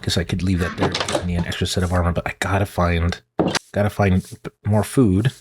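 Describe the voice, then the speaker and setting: A man with a deep voice hosts a gaming channel, rambling animatedly and talking to himself as he plays. He speaks fairly quickly, and there's heavy background noise in this casual gameplay commentary.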